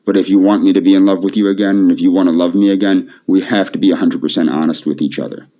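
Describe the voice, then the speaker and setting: A man speaking softly to camera in a pleading, repetitive, emotionally flat way. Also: deep voice, fast talker. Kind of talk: pleading video monologue. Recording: dull lo-fi video audio.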